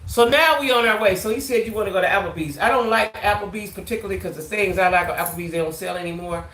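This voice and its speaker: A woman tells a story to her viewers in an animated, casual way, often checking in with a quick "right?". Her voice is bright and forward, and the room around her echoes. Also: medium pitch. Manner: animated, tags lines with "right?". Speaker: vlogger.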